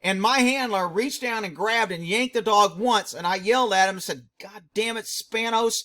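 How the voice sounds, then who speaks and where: A man's voice: sits high, normal speed, bright, forceful tone. A middle-aged man, a former police dog handler, giving blunt, indignant commentary on a video.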